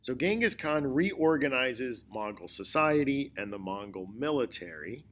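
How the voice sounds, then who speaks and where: A male history teacher giving a recorded lecture, explaining slowly and deliberately, often repeating his key points. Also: medium pitch, animated, a bit bright. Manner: slow, deliberate explaining with repetition.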